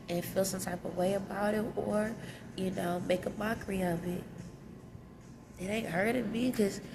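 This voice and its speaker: A woman's voice: mid-range voice, gravelly, noisy background. A woman with children, crying as she talks candidly about her pain to her viewers in a confessional vlog from a lobby. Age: adult with children. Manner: tearful, raw and candid, speaks in casual vernacular. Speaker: vlogger. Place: hotel lobby.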